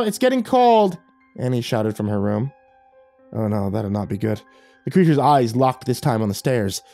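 A man narrating a first-person horror story, tense and hushed, rising with the scary parts. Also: medium pitch, no echo.

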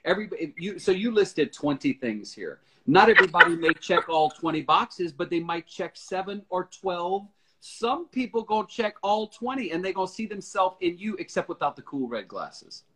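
A man's voice: high voice, expressive, moderate pace, few pauses, a bit bright, slight background noise. A man hosting a casual live video chat, upbeat and reassuring, often repeating himself. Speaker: live stream host. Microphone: phone or webcam on a live video call.

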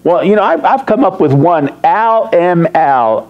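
Playful preacher with lively pitch. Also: male voice, measured pace, lo-fi sound. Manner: playful, teasing preacher who quizzes the congregation. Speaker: pastor. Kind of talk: sermon. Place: church sanctuary.

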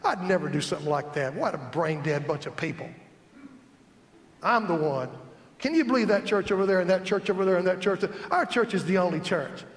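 A man voicing a sly, cruel devil who whispers temptations, hushed, sneering and coaxing. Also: sits high, animated, brisk. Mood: scornful. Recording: echoey church hall.

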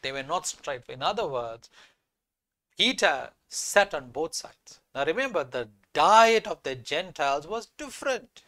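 A man delivers a sermon in a high voice, hammering home his points by saying them twice. He reads scripture aloud between his comments. The sound is dry, with no room echo. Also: expressive, measured pace, bright, forceful tone. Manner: emphatic, repeats key phrases, reads scripture aloud. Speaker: preacher.

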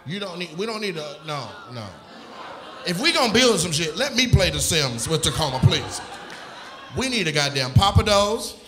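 Male stand-up comic, higher-pitched voice, brash crowd-work roaster, boomy club room with audible audience. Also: sing-song, moderate pace, roomy sound, background noise. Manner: loud, teasing, often shouting and laughing. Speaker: stand-up comedian. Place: comedy club stage.

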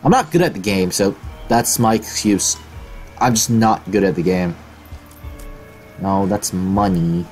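A man's voice: sits low, unhurried, long pauses, soft background music. A young man commentating his own gameplay, swearing often, mocking his own skill and yelping when hit. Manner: profane, self-deprecating, excitable yelps. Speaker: gaming video host. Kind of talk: let's play commentary.

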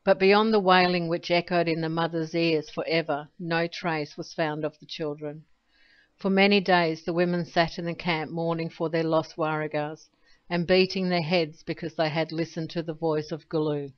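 Man narrating a folk tale, smooth clear voice, even reading, dull lo-fi sound. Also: a little high, moderate pace. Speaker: audiobook narrator. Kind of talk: storybook narration.

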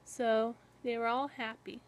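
A young woman telling an improvised fan-fiction story, rambling and halting with many restarts. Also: fairly high pitch, flat delivery.

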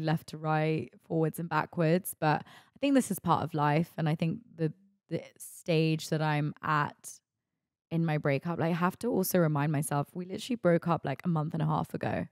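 A woman's voice: low voice, no echo, studio quality. A woman, hosting a podcast in a candid, chatty monologue full of "like" and "you know". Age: 20s. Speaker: podcast host.

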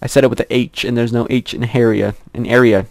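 A man's voice: fairly even intonation, fast talker, creaky, darkish tone, no echo. Giggly young man narrating his gameplay. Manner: chatty, giggly, rambling to himself; squeals in a high voice at cute animals. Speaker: gameplay commentator. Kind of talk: casual gameplay commentary.

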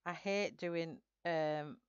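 A woman's voice: deep voice, steady tone, drawn-out words, smooth, no echo, muffled recording. A woman hosting a live colouring stream, chatting and giggling as she greets viewers by name. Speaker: livestream host colouring live. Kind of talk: casual chat while colouring.

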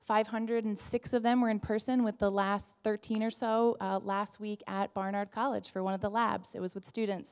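A woman's voice: mid-range voice, a little mellow, clean tone. A woman in her thirties with a New Jersey accent giving an upbeat, chatty live introduction full of ums, in a large hall. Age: 30s. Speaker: event introducer. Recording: echoey hall with long reverb.

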